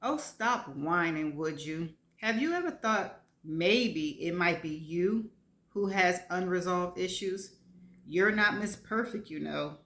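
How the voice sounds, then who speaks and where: A woman's voice: fairly low pitch, expressive, slow, fairly bright tone, heavily acted. A woman voicing a sassy, bossy middle-aged female best friend who teases and scolds bluntly. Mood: teasing. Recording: roomy echo.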